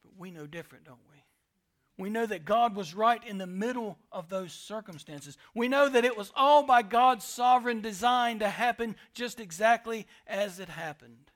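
A man preaching a sermon with passion, swinging between loud declarations and hushed asides. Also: high voice, normal speed. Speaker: pastor.

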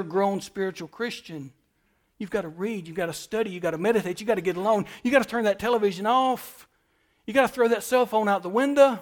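Preaching in church, the pastor speaks in a high male voice, echoing key phrases for emphasis as his delivery rises and falls between soft and loud.

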